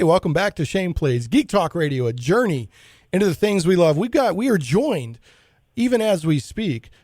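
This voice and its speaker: A man's voice: a little high, a little mellow, dry recording. Chatty male radio host, dry studio sound. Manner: chatty and enthusiastic, rambling with restarts. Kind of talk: casual radio talk show interview.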